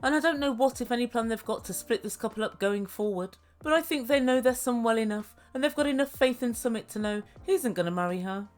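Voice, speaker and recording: A woman's voice: fairly high pitch, expressive, fast talker, few pauses. A woman giving a sarcastic, swear-filled recap of a reality show, laughing at her own jokes. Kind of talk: casual commentary recap.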